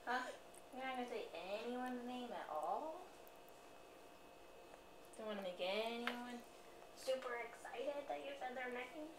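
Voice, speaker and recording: A woman's voice: fairly high pitch, unhurried, long pauses, echoey room, distant mic, noisy background. A mother doing playful, sing-song baby talk as she coaxes her toddler to say words.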